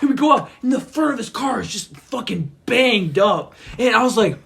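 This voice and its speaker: A young man on a podcast, telling a story in an animated way, swearing and acting out the voices of the people in it. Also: very high-pitched, fairly quick, gravelly, hardly any pauses, breathy edge. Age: young adult. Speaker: podcast guest. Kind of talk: casual chat.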